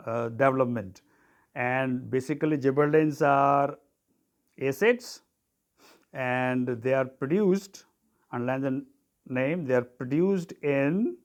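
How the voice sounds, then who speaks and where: Guy teaching, dictating notes slow and spelling terms out, lots of okays. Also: mid-range voice. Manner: repeats "okay" and "so", clears throat often. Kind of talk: classroom tutorial.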